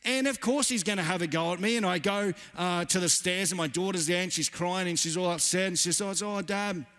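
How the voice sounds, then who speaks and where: A man's voice: high-pitched, a little fast, fairly bright tone. A man in his thirties preaching a sermon as pastor, earnest and emphatic, repeating key phrases. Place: church. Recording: church hall reverb.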